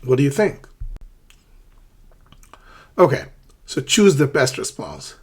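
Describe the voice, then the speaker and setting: A man's voice: mid-range voice, wildly swooping pitch, takes it slowly, breathy edge. A man teaching English phrases for shopping, explaining step by step and acting out short shop dialogues, with many check-ins like "okay". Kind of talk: English lesson for learners.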